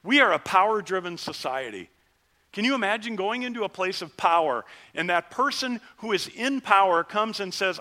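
Middle-aged pastor guy preaching, kinda high voice, bright and forceful, chatty sermon. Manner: conversational preaching, animated rises and drops.

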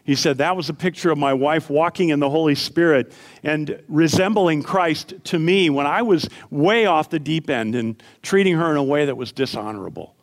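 A middle-aged man preaching a sermon as pastor, earnest, climbing to emphatic peaks and then dropping to quiet storytelling. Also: a little high, normal speed.

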